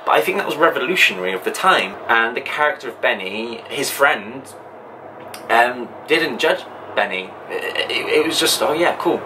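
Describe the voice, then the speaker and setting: A man hosts his own video channel and talks to the camera in an enthusiastic, chatty vlog style, saying "um" often. His voice is medium-pitched and expressive, with a moderate pace, and background noise can be heard.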